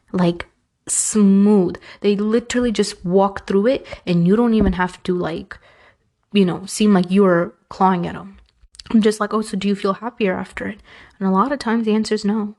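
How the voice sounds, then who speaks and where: A young woman hosting a podcast, giving casual advice and acting out the conversations she quotes in an animated way. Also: mid-range voice.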